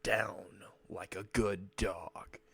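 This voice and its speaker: A man voicing a sinister, vengeful young male adventurer who taunts in a low, menacing way. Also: fairly even intonation, extremely slow, creaky, a bit bright, slightly rough, no room sound, exaggerated voice.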